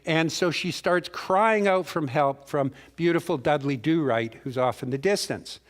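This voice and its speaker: A man preaching in a spiritual center, spinning a folksy story in a slightly high voice. He rambles, doubles back on his words and keeps turning to the congregation with direct questions. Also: unhurried. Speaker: guest minister. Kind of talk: storytelling sermon.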